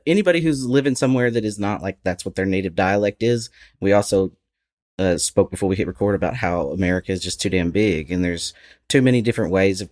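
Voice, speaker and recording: A man with a low voice and an Appalachian accent speaks as a podcast guest. He talks candidly and thoughtfully about his life, breaking into laughs now and then. The tone stays casual and open. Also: a little mellow. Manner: candid, reflective, laughs often.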